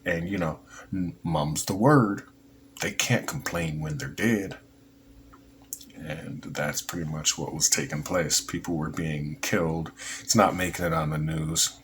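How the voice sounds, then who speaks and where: A man's voice: extremely low pitch, measured pace, fairly bright tone, slight background noise. A man hosting a podcast, giving rambling, heated, sarcastic casual political commentary. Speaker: podcast host.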